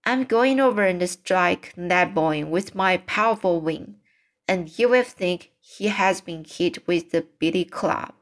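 A woman's voice: on the low side, slow pace. A woman reading the lines of a proud, indignant male cock swan who complains stiffly in a storybook. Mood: angry.

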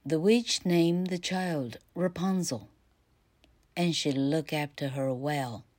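A woman teacher reads a fairy tale aloud for learners in a careful, measured way. Her voice sits low and she takes her time, pausing between phrases. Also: darkish tone. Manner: careful, measured reading with pauses. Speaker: grammar teacher. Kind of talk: bilingual story reading for learners.

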